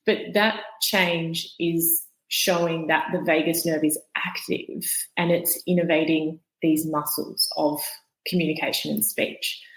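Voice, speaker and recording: A guest expert on the nervous system, a woman with a low-leaning voice, explains things calmly and patiently in a podcast interview, using everyday examples. The recording is rough, with an echoey room.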